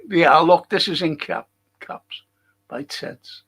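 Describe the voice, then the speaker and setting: A man hosts a casual livestream, reading viewer comments aloud and reacting in a blunt, sweary rant. His voice is gravelly and sits a little high for a man. He talks slowly, taking his time over every point. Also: fairly bright tone, poor audio. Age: older.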